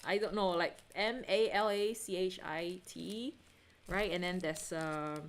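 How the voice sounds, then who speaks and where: Woman livestream host, casual chatter, easily excited, laughs often, talks to her audience. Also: fairly low pitch, unhurried, slight background noise. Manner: chatty and excitable, lots of self-interruptions and giggles; asks viewers to check things, answers chat.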